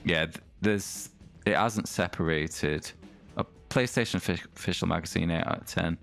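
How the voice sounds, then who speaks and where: A man's voice: deep voice, moderate pace, gravelly, fairly bright tone, soft background music. A man streaming a retro racing game, chatting casually with his viewers and reading things aloud with dry comments.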